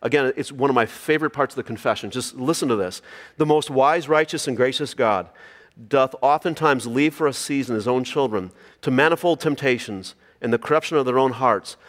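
A pastor with a medium-pitched voice preaches briskly in a large hall. He reads scripture aloud and puts rhetorical questions to the congregation.

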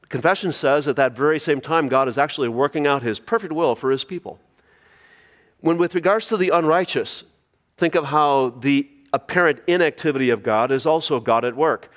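A man's voice: fairly high pitch, normal speed, long reverb tail. A man preaching a sermon, reading scripture aloud and asking the congregation rhetorical questions. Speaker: pastor.

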